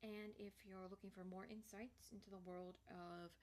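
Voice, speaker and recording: A woman hosting a software tutorial, chatting casually as she clicks through features on screen. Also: medium pitch, steady tone, normal speed, slight background noise. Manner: casual, chatty walkthrough with fillers.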